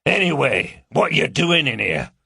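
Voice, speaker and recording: Man doing a bulky coarse guy, slow and mocking, lively up and down voice. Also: fairly high pitch, gravelly, husky, no echo, pitched above the performer's own voice, exaggerated voice. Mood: leering. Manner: slow, crude, mocking drawl. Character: bulky coarse Yorkshire man, leering and blunt.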